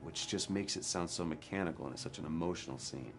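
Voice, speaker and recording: A man, an actor, candidly recounting a hard day on set in a documentary interview, sometimes dropping to a hush. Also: low voice, fast talker, hardly any pauses, a little hiss or hum. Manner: candid, animated storytelling, drops to a hush for quotes. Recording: interview with score under it.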